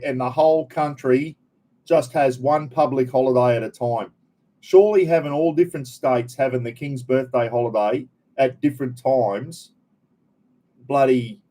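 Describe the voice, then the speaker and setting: An older Australian man hosts a relaxed live stream. He talks in a chatty, blokey way, greets his viewers one by one and drops casual slang. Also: mid-range voice, rough recording. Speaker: livestream host.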